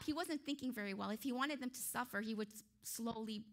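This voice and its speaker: A woman delivering an earnest, emphatic sermon. Her voice sits high and sounds bright and forceful. She often stops to correct herself with a light, self-conscious laugh. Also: fairly even intonation, moderate pace, few pauses. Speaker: preacher.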